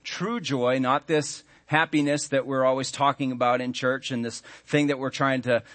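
A man in his thirties, a pastor preaching a sermon earnestly, stressing key words and slowing down when he reads scripture. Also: medium pitch, fairly even intonation, fairly bright tone.

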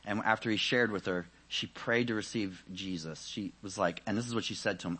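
A man preaching a sermon in a conversational way, often saying "you know", rising with energy and then dropping to quiet, searching questions. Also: medium pitch, a little fast, breathy edge.

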